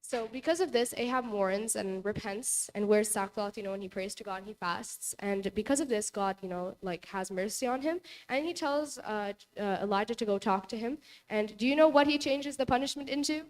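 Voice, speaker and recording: A woman's voice: medium pitch, brisk, few pauses. A young woman presenting a casual Bible lesson to a youth group in a church hall, retelling the story in a chatty way full of "like" and "you know".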